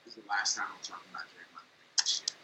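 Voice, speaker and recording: A man's voice: on the low side, fairly even intonation, fast talker, bright, forceful tone, echoey room, slight background noise, low-quality recording. A man co-hosting a sports talk show, arguing his point with passion and exasperation. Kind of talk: heated sports debate.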